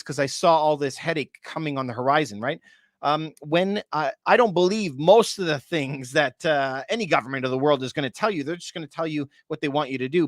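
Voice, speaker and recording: A real estate broker with a voice on the high side chats casually on a livestream, answering viewers by name and tossing in quick asides. He's losing his voice from talking too much. The sound is dry and clean, like a studio.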